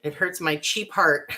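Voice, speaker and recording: A woman's voice: on the low side, pushed and bright. A woman giving a casual crafting tutorial, chatty and bubbly with giggly asides. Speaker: craft vlogger.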